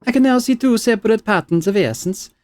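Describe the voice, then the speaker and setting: A man's voice: high-pitched, lively intonation, quick pace, darkish tone, voice pushed up. A man doing an eager fussy woman scholar. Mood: clinical. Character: excitable female scholar studying souls.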